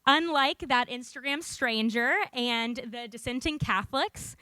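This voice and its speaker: A woman's voice: high-pitched, sharp tone, no room sound. A young woman giving a prepared conference talk into a podium microphone, earnest and lightly humorous as she tells a personal story. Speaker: conference speaker. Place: conference room.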